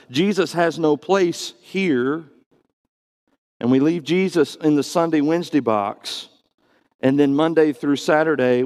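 A man delivering a sermon with an earnest, emphatic manner, his slightly raised voice carrying a gravelly edge. He slows down and speeds up to stress his points, and his words ring out with a long reverb through a church hall. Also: on the high side, a little mellow. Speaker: preacher.

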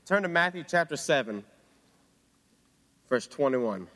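A young man giving an earnest sermon to fellow students, dropping low and quiet on quoted words. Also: expressive, moderate pace, pauses often. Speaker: student preacher. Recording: long hall reverb.

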